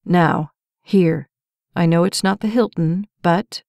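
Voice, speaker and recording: Woman reading as a calm gentle firefighter guy, low soft voice, quiet and coaxing, dry close sound. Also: takes it slowly, creaky, no room sound. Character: gentle, steady male firefighter. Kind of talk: audiobook character voice.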